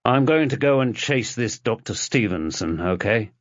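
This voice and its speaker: A man's voice: medium pitch, expressive, moderate pace, no room sound, close to an everyday voice. A man voicing a tense detective and protective husband who talks tersely, in a dull lo-fi recording.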